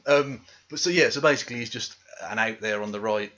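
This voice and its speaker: Profane man ranting, forceful tone. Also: on the low side, brisk, dull audio. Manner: profane, scornful. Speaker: commentary video host. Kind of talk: ranting commentary monologue.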